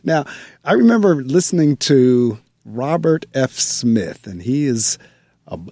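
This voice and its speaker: A man who works as a school principal, hosting an interview and telling stories in an animated way, repeating phrases for emphasis. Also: medium pitch, a little slow, no echo, studio quality. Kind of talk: casual interview conversation.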